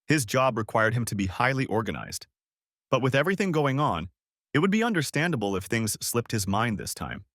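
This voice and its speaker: A man voicing a soft-spoken unfaithful wife. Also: medium pitch, sing-song, fairly quick, dry recording, clean studio sound. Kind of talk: audiobook story reading.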